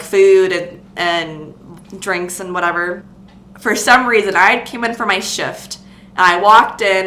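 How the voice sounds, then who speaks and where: Bright-voiced young woman, rambling storytime. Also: medium pitch, roomy sound, slight background noise. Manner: rambling, many filler words and restarts. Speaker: vlogger recounting retail job. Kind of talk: casual storytime vlog.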